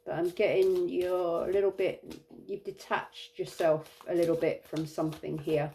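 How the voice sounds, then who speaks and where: A tired woman giving an intuitive tarot reading, musing and halting with many fillers. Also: on the low side, fairly even intonation, mellow, a little hiss or hum. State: tired, yawning. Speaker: tarot reader.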